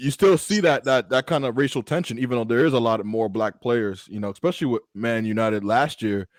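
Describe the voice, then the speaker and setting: A talkative American man co-hosting a podcast, speaking at a middle pitch. He teases and chats freely, and the sound is close and dry. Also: a little fast, no room sound. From United States. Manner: teasing, talkative. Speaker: co-host. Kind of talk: casual podcast chat.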